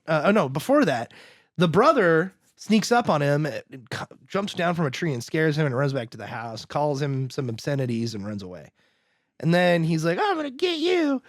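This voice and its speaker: A man's voice: fairly high pitch, no room sound, studio quality. A man co-hosting a podcast, casually recapping a film and acting out the characters' lines, laughing as he goes. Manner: animated, acts out characters' lines in quick voices; laughs often, trails off and restarts. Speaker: podcast co-host.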